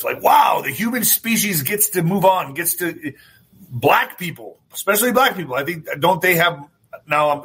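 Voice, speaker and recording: A fairly high-pitched man with a bright, forceful edge and a husky grain. He hosts his own show and rants freely, swears often and breaks into sudden shouts. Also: poor audio. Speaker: host. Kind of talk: opinionated talk show monologue.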